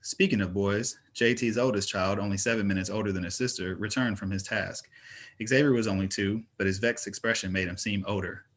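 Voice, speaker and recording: Brief: male narrator, fantasy audiobook, steady even read. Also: lowish voice, brisk. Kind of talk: audiobook reading of fantasy fiction.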